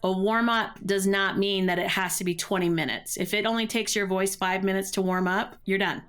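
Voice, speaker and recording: A woman's voice: mid-range voice, fairly even intonation, moderate pace, a bit bright, clear, resonant tone. A middle-aged woman, a vocal coach, explaining voice care in a podcast interview. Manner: explanatory, uses running metaphors.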